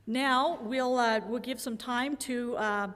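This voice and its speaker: Lady introducing candidates, higher voice, echoey hall, clicks in the background. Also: steady tone, slow, a bit bright. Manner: brief, announcing, with fillers. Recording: hall echo with clicks and noise.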